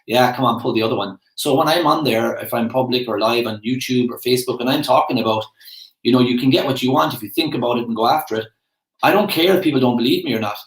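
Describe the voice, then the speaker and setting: A man's voice: mid-range voice, fast. A man in his forties with an Irish accent, talking in a rambling, chatty way with self-aware asides, in a casual reflective monologue. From Ireland. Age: 40s. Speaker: motivational speaker. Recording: echoey room.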